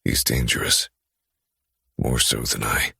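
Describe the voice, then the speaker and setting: A man plays a cunning, possessive young man in an audiobook, his voice extremely deep and heavily husky. He talks slowly with controlled menace, recorded close and dry. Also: steady tone, sharp tone, no echo, exaggerated voice. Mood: cold. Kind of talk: audiobook character reading.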